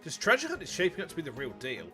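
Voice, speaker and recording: A man voicing a gruff older male treasure hunter in a video game, with a low, hearty way of talking. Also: wildly swooping pitch, rapid-fire, bright, forceful tone, soft background music, exaggerated voice. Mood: eager. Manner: low, hearty, calls others "son".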